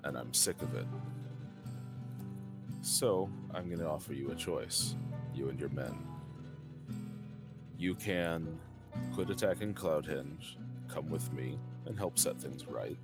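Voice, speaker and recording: Very deep-voiced man, grim and resolute. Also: slow pace, long pauses. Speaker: player. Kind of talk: in-character role-play. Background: music.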